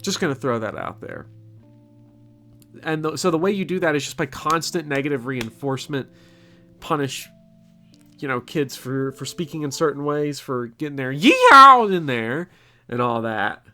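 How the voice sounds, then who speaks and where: Rambling Southern man with a bright voice. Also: mid-range voice, normal speed, soft background music. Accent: Kentucky Southern, softened. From Kentucky. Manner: rambling, self-mocking, blunt. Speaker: channel host. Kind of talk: casual Q&A chat.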